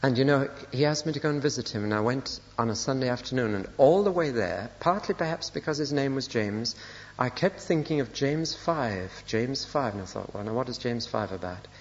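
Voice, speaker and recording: An older pastor preaches a sermon, sharing personal stories with dry, self-deprecating humor. His mid-range voice is expressive and a little fast. It's a lo-fi recording made in a reverberant church hall.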